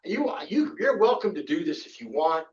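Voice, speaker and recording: A man's voice: sits high, sing-song, normal speed. Older man, casual photo workshop lecture, rambling with restarts, distant, muffled sound. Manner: chatty, rambling, many restarts and fillers. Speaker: photography instructor. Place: club meeting room. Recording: distant, dull room recording.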